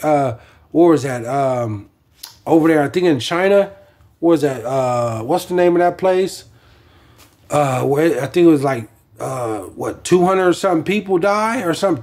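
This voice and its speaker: A man's voice: a little high, darkish tone. A man preaching informally from scripture, rambling with many fillers and restarts.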